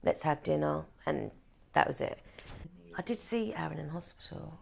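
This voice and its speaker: Low, gravelly-voiced woman telling her story. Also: normal speed. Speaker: podcast guest. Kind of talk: personal conversation.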